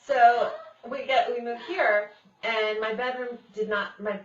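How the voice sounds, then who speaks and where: A woman's voice: on the high side, steady tone, unhurried. A woman hosting a casual chat, a chatty and rambling storyteller who laughs easily. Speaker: host. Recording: echoey room, distant dull mic.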